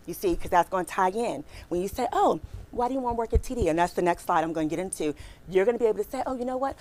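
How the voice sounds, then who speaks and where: A middle-aged woman recruiter leads a career workshop in quick, animated bursts. She chats with her audience and keeps throwing questions back at them. Her voice sits at an ordinary middle pitch. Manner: fast-talking, animated, chatty, asks the audience questions. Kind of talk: lively workshop talk to an audience.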